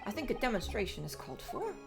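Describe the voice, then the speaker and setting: Irish gent, earnest and polite done by a woman reading the game, a bit high, game music behind. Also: huge pitch swings, quick pace, gravelly, full character voice. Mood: gallant. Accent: Irish, put on. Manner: courtly and earnest. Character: gallant middle-aged Irish gentleman defendant.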